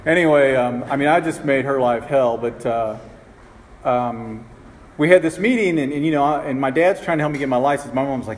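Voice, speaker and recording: A man's voice: mid-range voice, brisk. A man in his fifties telling his own recovery story to a group, rambling and self-mocking, with lots of "you know" fillers. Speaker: speaker sharing his story. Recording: reverberant hall with faint ambience.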